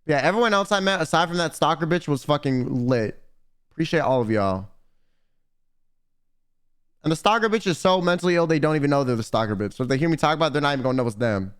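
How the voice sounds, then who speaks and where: A young man streaming, telling stories in casual, profane, animated chat. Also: fairly high pitch, fast, clear, resonant tone.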